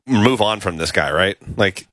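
A man's voice: deep voice, expressive, measured pace, fairly bright tone, no echo. A man co-hosting, chiming in with skeptical, casual remarks. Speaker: co-host. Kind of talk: casual chat.

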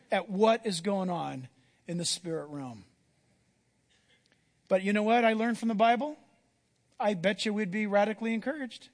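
Voicing the characters as he goes, a man with a high-pitched voice animatedly recounts Bible stories in a sermon. His words echo with the long reverb of a hall.

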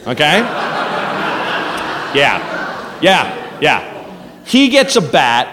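A man tells a stand-up story with a high, lively voice that dips into low mutters and jumps to loud shouts. He is recorded live on stage, with a long hall reverb and faint ambient noise behind him. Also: unhurried, long pauses. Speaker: stand-up comedian.

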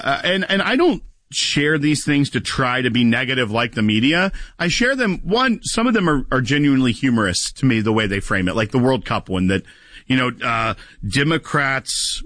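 A man's voice: medium pitch, big pitch swings, normal speed, fairly bright tone, no room sound. A man hosting a call-in radio talk show, chatting energetically with callers.

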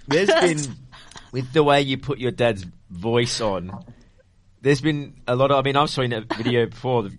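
Male host, casual interview, eager, gets loud when excited. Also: mid-range voice, moderate pace, a little hiss or hum.

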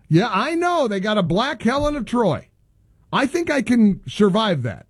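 A middle-aged male radio host, clearly fed up and ranting. His voice sits high and swings widely up and down, with a slightly husky edge. The sound is close and dry. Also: dry recording. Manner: exasperated, ranting, animated. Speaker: radio talk show host. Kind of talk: casual talk radio monologue.

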